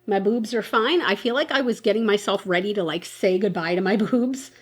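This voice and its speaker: A woman's voice: medium pitch, brisk. A woman in her twenties, chatting casually and telling a story while doing her makeup, with lots of "like" and frequent laughs. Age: 20s. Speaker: beauty vlogger.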